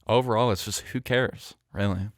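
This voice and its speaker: Young man, low voice, smooth and clear, dry close mic, rambling casual podcast chat. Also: steady tone, normal speed, no echo. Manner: rambling, self-correcting, with many fillers. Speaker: podcast host. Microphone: studio mic close up.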